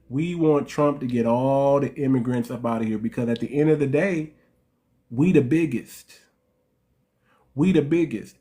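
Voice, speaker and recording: A man on an online panel talks in a defiant, taunting way and hammers his points with repetition. His voice sits a little high for a man. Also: darkish tone. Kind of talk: opinionated online panel talk.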